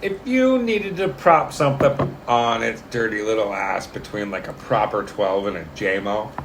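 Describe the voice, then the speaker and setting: A man's voice: fairly low pitch, expressive, moderate pace, a little hiss or hum. Crude, teasing man talking whiskey. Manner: crude, swearing, teasing jokes. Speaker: whiskey tasting co-host. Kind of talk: casual tasting chat.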